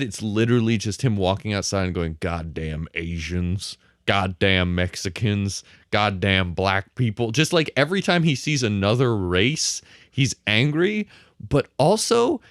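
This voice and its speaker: A man's voice: medium pitch, dry recording, studio quality. A young man co-hosting a film podcast, chatting casually, laughing and mimicking film characters. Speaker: podcast co-host. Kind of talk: casual film review chat.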